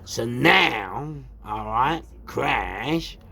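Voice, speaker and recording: A man with a London accent from England hosts his own show, delivering a casual storytelling monologue that rants and repeats itself, packed with rhetorical questions and shouted outbursts. His mid-range voice is extremely slow, gravelly and slightly rough.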